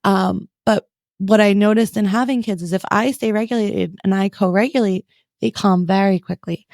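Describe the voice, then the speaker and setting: A woman in her thirties hosting a podcast interview, talking in a casual, conversational way full of fillers. Her voice has a gravelly, creaky edge, and the sound is close and dry. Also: mid-range voice, steady tone, moderate pace, darkish tone, no room sound. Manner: conversational, shares parenting stories, frequent fillers. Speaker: podcast host, therapist.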